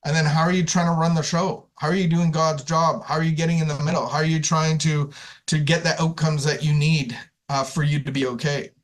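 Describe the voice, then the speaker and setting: A man with a somewhat high voice shares an informal spiritual talk with a recovery community. He speaks conversationally, often repeating words and restarting his sentences. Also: flat delivery, brisk.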